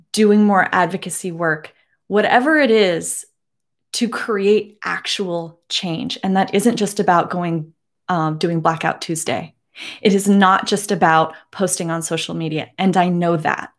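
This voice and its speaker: A woman in her forties speaking earnestly to camera from her home, emotional and holding back tears, with many halting restarts. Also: lowish voice. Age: 40s. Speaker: beauty vlogger. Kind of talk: personal address to camera.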